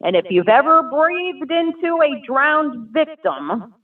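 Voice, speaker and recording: A woman's voice: sits high, sing-song, slow. A woman tells her personal story in an earnest, vivid way, the words pouring out with feeling. Her voice comes through thin and tinny, as on a phone line, and sits far from the microphone. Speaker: guest sharing a personal testimony. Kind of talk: emotional personal testimony.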